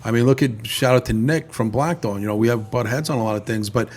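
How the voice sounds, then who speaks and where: Fast-talking middle-aged promoter man. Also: medium pitch, darkish tone. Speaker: concert promoter and band manager. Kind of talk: casual chat.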